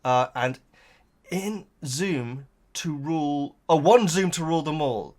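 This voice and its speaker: A man's voice: fairly high pitch, lively intonation, unhurried. Man, reaction host, hesitant, filler-heavy, emotional, casual chat. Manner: rambling, hesitant, full of fillers and repeated words. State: emotional, near tears.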